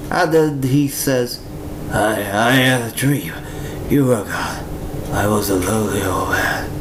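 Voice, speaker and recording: A young man casually reviewing a comic book, animated and incredulous, with frequent exclamations. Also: on the high side, slight background noise, rough recording.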